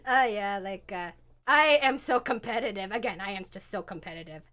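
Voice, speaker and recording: A woman's voice: mid-range voice, a little fast, fairly bright tone. A woman in her twenties, a streamer and comic creator, chatting casually and rambling with many fillers. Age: 20s.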